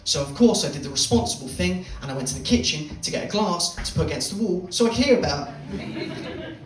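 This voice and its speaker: A young man performing a stand-up set in a comedy club, telling a swearing, deadpan story and teasing the crowd. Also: high-pitched, fairly quick. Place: comedy club stage, live audience. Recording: roomy club sound from a distance.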